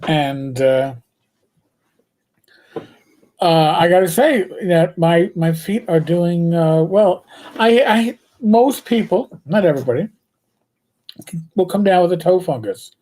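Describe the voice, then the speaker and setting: A man's voice: high-pitched, slow, pauses often, dark tone. Older man hosting a casual chat. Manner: joking and profane, tells stories with lots of restarts. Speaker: show host. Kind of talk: casual live-stream chat.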